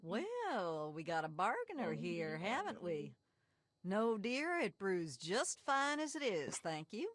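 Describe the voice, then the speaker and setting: A woman's voice: mid-range voice, sing-song, takes it slowly, no room sound. An actress voicing a sly, folksy backwoods moonshiner woman with a Southern drawl in a game. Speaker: game character.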